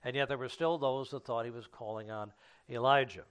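A man preaching a sermon, teaching from scripture in an unhurried way with frequent fillers and restarts. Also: mid-range voice, fairly even intonation, fairly bright tone, clear, resonant tone.

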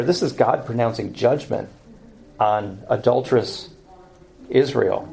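A man's voice: medium pitch, a little slow, vocal fry, pauses often, a little mellow, slight background noise, poor audio. A man teaching through Bible verses in a sermon style, earnest and explanatory, often correcting himself as he goes.

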